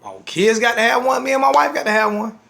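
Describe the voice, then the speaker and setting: A man's voice: extremely high pitch, fast, gravelly, sharp tone. A man with a blunt, scolding manner, ranting to the camera as a sports fan vlogger.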